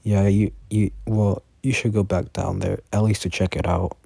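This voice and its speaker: A man voicing a calm, small male animal who leads a school, in a plain, matter-of-fact reading. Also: deep voice, moderate pace, gravelly, dry recording.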